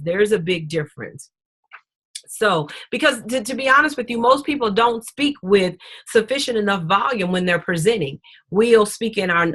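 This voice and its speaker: Emphatic woman coaching public speakers. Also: fairly bright tone. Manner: emphatic, varies pitch and pauses to drive points home. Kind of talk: webinar teaching.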